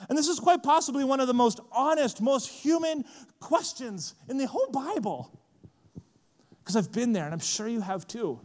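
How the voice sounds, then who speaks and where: A man preaching a sermon in a casual, animated way, often saying "like", at a conference. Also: very high-pitched, moderate pace, in a large hall. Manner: lively, casual, frequent "like" fillers. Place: large conference hall.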